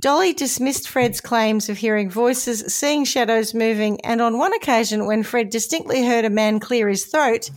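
A woman host tells a story in a casual, comedic podcast style. Her voice sits a little on the high side. She talks in a chatty way and slips in jokey asides. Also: normal speed, few pauses.

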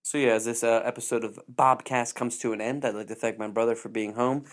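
A man hosting a casual home podcast, rambling relaxed with fillers. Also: medium pitch, a little fast. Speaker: podcast host.

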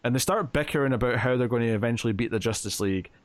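A man's voice: mid-range voice, racing, no room sound. A man co-hosting a podcast, casually recapping a comic book plot with lots of fillers and quoted lines. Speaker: podcast co-host.

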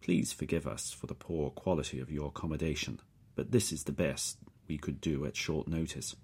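A tall, coolly polite captor, put on by a deep, husky-voiced male narrator speaks with a strong Slavic accent in an audiobook. Every syllable is clipped and precise, and his courtesy soothes while it threatens. The voice sits low with a breathy edge. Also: fairly even intonation, moderate pace, darkish tone, exaggerated voice. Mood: courteous menace.

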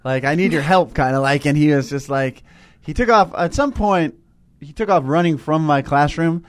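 A man who works as a teacher, telling a story in a casual spiritual chat with many restarts and hesitations. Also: fairly high pitch. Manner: rambling, halting storytelling.

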